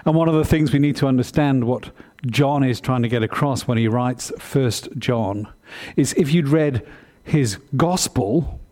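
A man preaching a sermon, explaining the text in an earnest way with deliberate emphasis. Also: medium pitch, mellow.

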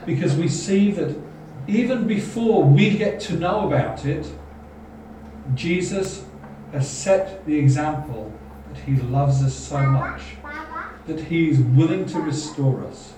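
A man preaching a sermon, earnest and full of searching questions. His voice is mellow and dark. He sounds far from the mic in a heavily echoing hall, with faint noise behind. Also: a little high, expressive, slow.

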